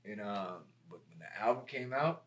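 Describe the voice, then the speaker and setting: A man, a music producer being interviewed, telling stories in a casual, lively way and acting out other people's lines. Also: lowish voice, moderate pace. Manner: animated, acts out quotes with raised voice.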